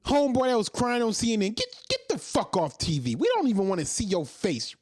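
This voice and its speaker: A man in his thirties rants straight into the mic, firing off profane rhetorical questions. His pitch swings widely as he heats up, and the sound is dry with no room echo. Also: big pitch swings, a little fast, darkish tone. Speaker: commentary host. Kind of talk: ranting monologue.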